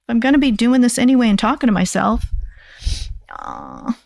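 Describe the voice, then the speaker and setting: A woman's voice: a little high, wildly swooping pitch, normal speed, creaky, a little mellow, dry recording, clean studio sound. A woman in her sixties chatting casually and rambling on a livestream, thanking her viewers. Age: 60s. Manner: chatty, rambling, self-deprecating. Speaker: livestream host.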